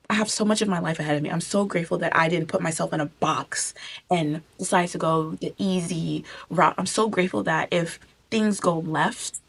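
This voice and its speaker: A young woman speaks straight to her camera in a heartfelt personal vlog, gushing and circling back over the same words. Her voice sits on the low side and has a gravelly, crackly edge, and she comes close to tears at times. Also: a bit bright. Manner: gushing, repetitive, tearful at times. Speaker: vlogger. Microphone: camera mic.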